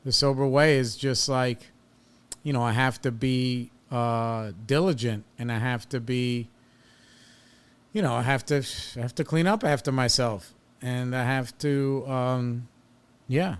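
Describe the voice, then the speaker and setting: Man, thirties, podcast host, casual storytelling, blunt, swears a lot, mid-pitched. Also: a little slow, smooth. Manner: blunt and profane, retells arguments with rising heat.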